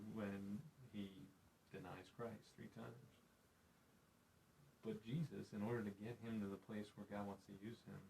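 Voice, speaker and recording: A man's voice: fairly low pitch, vocal fry, darkish tone, slight background noise, low-quality recording. A man hosting a faith podcast, reflective and preacherly, retelling Bible scenes in conversation. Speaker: podcast host.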